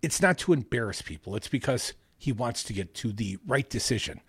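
Man co-hosting a news chat, husky, lively pitch, dry close sound, jokey asides. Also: fairly quick, no room sound. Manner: animated, reads news aloud, jokey asides. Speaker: podcast co-host.

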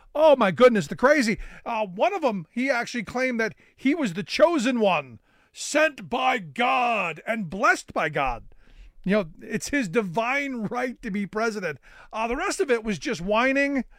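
Into a studio microphone, a man with an extremely high voice hosts a political talk radio show, offering sarcastic, animated commentary laced with many filler "uh"s. There's no room sound.

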